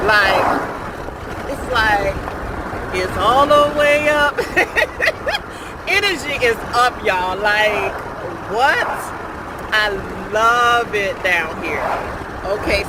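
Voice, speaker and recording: Slow-talking woman vlogging from her car. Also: on the high side. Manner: chatty, excited, says "y'all" often. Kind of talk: casual chat while driving. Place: inside a moving car. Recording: loud car and road noise.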